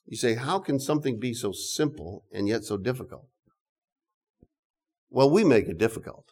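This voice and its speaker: An older man preaching an earnest sermon, often repeating words and reading scripture slowly. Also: mid-range voice, animated, darkish tone. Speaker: pastor.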